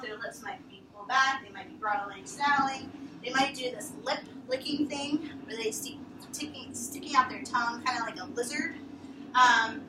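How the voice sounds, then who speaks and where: A woman teaching volunteers about dog behavior, animated and lively, acting out what dogs think. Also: fairly high pitch, noisy background. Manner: animated, acts out dogs' thoughts in quotes. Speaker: veterinary behavior instructor. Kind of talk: training talk to volunteers. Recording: roomy, from far off, faint ambience.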